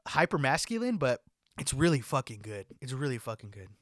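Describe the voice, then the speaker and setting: A man's voice: medium pitch, very animated, fairly quick, fairly bright tone, no echo. A young man chatting casually as a podcast co-host, laid-back, swearing a lot and saying "like" constantly. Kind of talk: casual chat. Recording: dry close mic.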